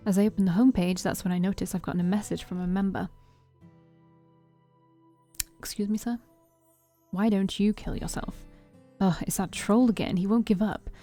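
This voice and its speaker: A woman streamer reading a visual novel aloud in the first person, playful and expressive as she narrates and speaks the heroine's lines. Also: medium pitch. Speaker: let's-play streamer.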